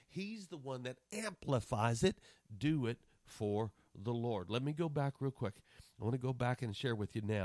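A man's voice: medium pitch, darkish tone, no echo. A man preaching a sermon, passionate and acting out the voices of people in his examples. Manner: impassioned, acts out voices of people and scripture.

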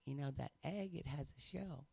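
A man tells his faith story in an easygoing, laugh-filled way. His voice sits a little high and has a gravelly fry. The recording is dry and close. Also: moderate pace, warm tone, no room sound. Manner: chatty, laughs often, earnest and playful. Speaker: guest sharing a faith testimony. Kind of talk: casual testimony chat.

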